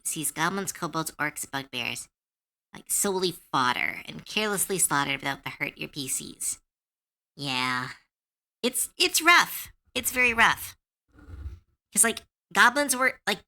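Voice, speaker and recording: A woman streaming live, chatting casually, animated and opinionated, with lots of filler words and swearing. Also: fairly low pitch. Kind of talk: casual livestream chat.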